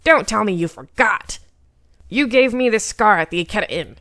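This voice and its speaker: A woman voicing a brash, hot-headed young male swordsman in a visual novel read-aloud, loud and impatient. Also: medium pitch, sing-song. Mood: angry. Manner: loud, impatient, quick to shout.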